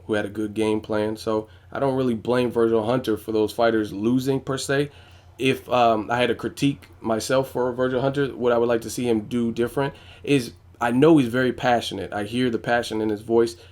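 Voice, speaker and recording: A man's voice: mid-range voice, a little mellow. Blunt, casual male boxing vlogger. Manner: casual, blunt, profane, frequent "you know what I'm saying". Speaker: boxing YouTuber. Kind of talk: casual vlog commentary.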